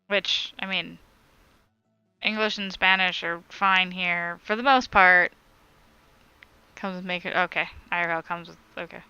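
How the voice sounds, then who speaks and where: A woman's voice: on the low side, fairly even intonation, measured pace, long pauses, bright, forceful tone, clear, resonant tone, no room sound, dull audio, soft background music. A woman on a crochet live stream, chatting casually as she reads viewer comments aloud and answers them.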